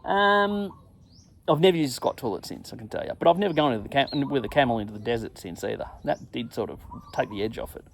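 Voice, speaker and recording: A man's voice: mid-range voice, fast, creaky, slight background noise. Man telling a crude story. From England. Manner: animated, crude, self-mocking, acts out his own shouts. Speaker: podcast host. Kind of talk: casual storytelling monologue.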